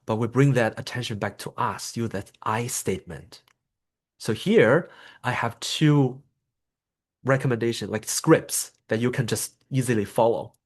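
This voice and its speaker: Man explaining calm de-escalation steps. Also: unhurried. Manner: explanatory, acts out example scripts with raised pitch. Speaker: trainer. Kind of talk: professional development lecture.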